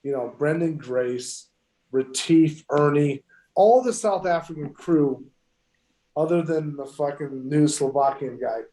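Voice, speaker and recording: A man's voice: fairly high pitch, measured pace, warm tone. A man, a professional golfer, telling stories in casual podcast chat, emphatic and heavily profane. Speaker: pro golfer guest. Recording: echoey room.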